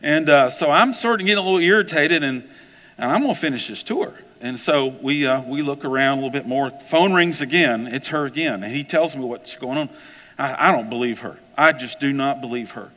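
A man preaching a sermon, telling a personal story in a conversational, animated way. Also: medium pitch, a little fast, in a large hall. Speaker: pastor.

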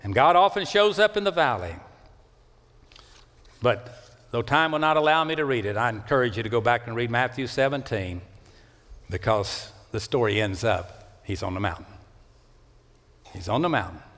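A man preaching a sermon in a church, swinging between loud rising calls and low hushed lines. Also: lively intonation, moderate pace, long pauses. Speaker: pastor. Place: church sanctuary. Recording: long hall reverb.

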